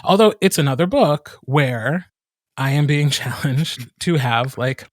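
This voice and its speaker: A man's voice: fairly high pitch, animated, measured pace, dry recording, studio quality. A man audiobook narrator from the Midwest with a light Midwestern accent, chatting thoughtfully on a panel and posing questions to the group. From American Midwest. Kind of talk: casual panel chat.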